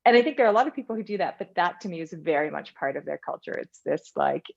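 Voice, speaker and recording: A woman from Canada talks as a podcast guest in a casual, animated way, spinning stories as she goes. Her voice sits on the lower side. The recording sounds dull and lo-fi. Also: fast, creaky. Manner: chatty, animated storyteller. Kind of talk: casual interview conversation.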